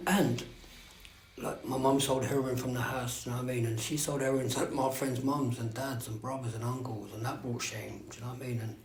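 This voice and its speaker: A man's voice: medium pitch, moderate pace, darkish tone. Frank man sharing in an echoey room. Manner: rambling, frank, swears, keeps asking "do you know what I mean". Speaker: speaker sharing at a recovery meeting. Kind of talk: candid personal share. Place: meeting room. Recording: echoey room with faint background noise.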